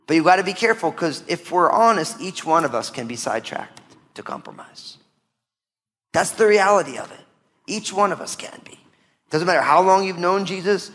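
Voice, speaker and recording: A man's voice: high-pitched, fairly quick, a bit bright, long reverb tail. A man preaching a conversational sermon as pastor, asking rhetorical questions and speaking directly to his congregation.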